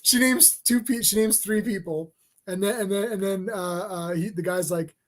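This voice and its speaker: High-voiced man, rambling excitable co-host in a casual chat. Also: normal speed, over a noisy crowd. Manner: rambling, excitable, acts out scenes.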